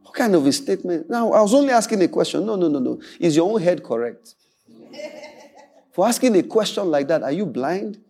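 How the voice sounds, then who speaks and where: Male pastor, high and animated, playful sermon storyteller. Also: a little fast, gravelly. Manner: animated storytelling preacher, acts out quoted voices, laughs often.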